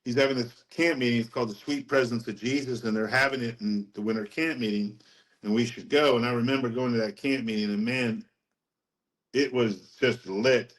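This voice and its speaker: A middle-aged man, a podcast guest, telling his faith story in a rambling, animated way and laughing at his own anecdotes. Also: medium pitch, a little fast, rough recording. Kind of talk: casual testimony storytelling.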